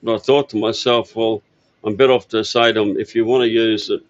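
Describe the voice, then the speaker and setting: A man's voice: on the low side, fairly even intonation, brisk, no echo, lo-fi sound. An older man from Australia telling stories about his parts business in a rambling, easygoing way with lots of fillers. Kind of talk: casual interview storytelling. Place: outdoor expo stand.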